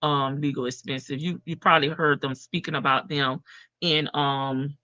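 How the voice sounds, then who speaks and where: A woman's voice: low-pitched, fairly even intonation, moderate pace, bright, forceful tone, no echo, highs cut off. A woman hosting a casual livestream, chatting in slang and greeting viewers by name. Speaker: livestream host. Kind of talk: casual livestream chat reading viewer comments.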